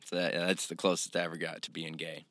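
A man's voice: low-pitched, level tone, fast, a bit bright. A young man on a podcast, rambling through a story with lots of swearing and acted-out quotes. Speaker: podcast guest. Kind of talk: casual chat.

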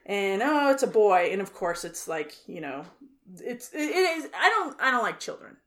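On a laid-back podcast, a female co-host with a mid-range voice speaking at normal speed rants through a movie's storyline. Her storytelling is lively and full of cursing, with quoted lines performed in character.

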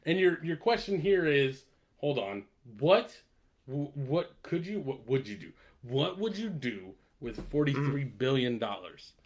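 A man's voice: mid-range voice, very animated, unhurried. A man in casual chat, ranting with lots of swearing and laughter. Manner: ranting, profane, laughing often.

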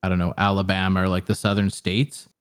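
Young male co-host, low-pitched and loose, rambling with fillers and profanity. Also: level tone, fast talker, clear, resonant tone. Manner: rambling, many fillers, frequent swearing. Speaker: podcast co-host reviewing a film. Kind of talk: casual chat.

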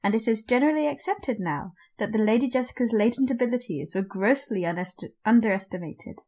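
A woman's voice: on the high side, lively intonation, fairly quick, darkish tone. A woman co-hosting a book podcast, reading a passage aloud and teasing her co-host dryly. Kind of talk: casual book discussion.

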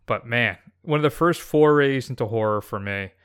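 A man co-hosting a podcast, talking about favorite film characters in a relaxed, opinionated, dry way. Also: medium pitch, moderate pace, smooth. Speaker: podcast co-host. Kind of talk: casual film chat.

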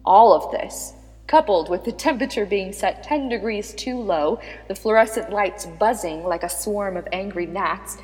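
A woman narrating a serialized story in a measured, dramatic manner. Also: mid-range voice, a little mellow. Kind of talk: scripted audiobook narration. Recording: long reverb with background music.

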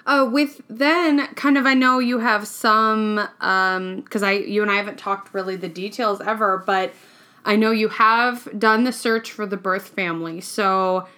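A woman hosting a casual interview, eager and quick to exclaim. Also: medium pitch, steady tone, bright, forceful tone. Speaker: host.

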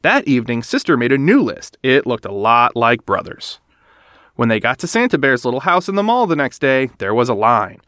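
Animated man reading a storybook. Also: medium pitch, normal speed, no room sound, studio quality. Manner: animated, expressive. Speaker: narrator. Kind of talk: children's storybook read-aloud.

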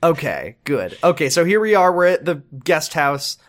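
Lively high-voiced joking man. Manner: jokey, acts out characters in quick bits. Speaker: podcast co-host. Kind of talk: casual chat recapping a TV episode.

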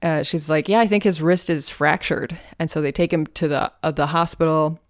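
Woman co-host, deep voice, dry close sound, chatty rambling recap with fillers. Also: steady tone, normal speed, dry recording. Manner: rambling recap, many fillers, acts out quotes. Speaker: podcast co-host. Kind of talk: casual chat.

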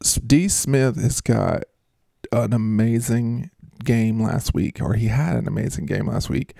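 Low gravelly guy rambling and joking through fantasy picks, dark dry sound. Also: a little slow, dry recording. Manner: joking, rambling, self-mocking. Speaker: fantasy football host. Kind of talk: casual matchup breakdown.

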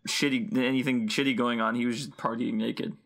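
A man's voice: medium pitch, fairly even intonation, fairly quick, a bit bright. A man co-hosting a podcast, rambling curiously and swearing casually in loose chat.

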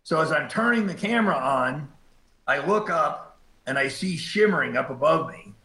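A man's voice: fairly high pitch, lively intonation, moderate pace, sharp tone, reverberant, poor audio. A middle-aged man, a cave rescue diver, telling a story in a laid-back way and acting out the quotes. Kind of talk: storytelling in a casual interview.

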